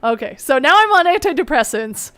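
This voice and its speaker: Young woman on a video call, pretty high voice, chatty, laughs a ton, dark humor vibe. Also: sing-song, fairly quick. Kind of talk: casual storytelling on a video call.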